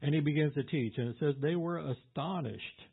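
Male pastor, husky voice, easygoing verse-by-verse Bible teacher; phone-thin tinny audio. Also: a little high, a little fast. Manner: conversational, with fillers and asides.

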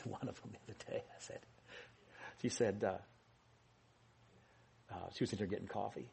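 A man with a husky, slightly rough voice delivers a loose, conversational sermon. He wanders through asides and teasing jokes, stopping and restarting his sentences as he goes. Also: on the low side, darkish tone. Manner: rambling, joking and self-correcting, with many restarts and fillers. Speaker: pastor. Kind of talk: informal sermon.

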